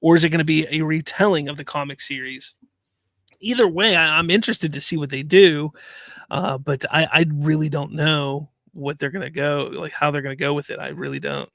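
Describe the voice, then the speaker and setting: A man's voice: fairly high pitch, a little fast, gravelly, no echo, clean studio sound. A man hosting a live-stream talk show, ranting in casual commentary and reading viewer chat aloud. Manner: animated, ranting, repeats himself.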